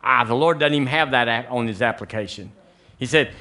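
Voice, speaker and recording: A middle-aged man with a Southern American accent, preaching an animated sermon in a church, with joking asides to the congregation. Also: medium pitch, fairly quick. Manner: animated preaching, rising to near-shouted emphasis on scripture; chatty asides and jokes with the congregation. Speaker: pastor. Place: church sanctuary.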